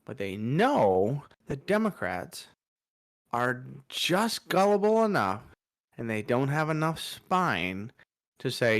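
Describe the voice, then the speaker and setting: A man's voice: mid-range voice, sing-song, slow, no echo, clean studio sound. A man co-hosting a podcast, giving a frustrated, emphatic political opinion. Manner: frustrated, emphatic, mocking quotes. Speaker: podcast co-host.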